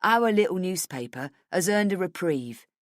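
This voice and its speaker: A woman's voice: on the low side, animated, normal speed, no echo, studio quality, natural voice. A woman voicing a brash, cheerful male newspaper boss in an audiobook. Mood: proud. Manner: hearty, celebratory.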